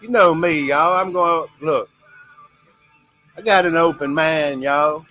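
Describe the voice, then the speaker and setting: This livestream host has a voice on the high side with a sharp tone, and he takes his time. Faint music plays as he drawls to viewers in a casual way, laughing often and saying "y'all" again and again.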